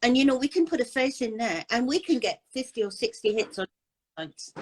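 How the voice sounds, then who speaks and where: A woman's voice: on the high side, animated, fairly quick, slight background noise, low-quality recording. An older woman talking casually and bluntly about scammers on a live chat. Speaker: anti-scam advocate.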